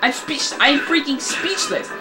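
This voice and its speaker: High-voiced woman ranting over gameplay. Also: a little slow. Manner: frustrated ranting, bursts into shouting. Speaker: let's play commentator. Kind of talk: casual gameplay commentary. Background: video game music.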